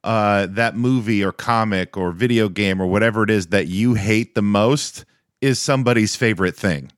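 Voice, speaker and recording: A man's voice: on the low side, normal speed. A man co-hosting a podcast, mostly dropping in short agreements and the occasional reflective remark. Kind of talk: casual podcast chat.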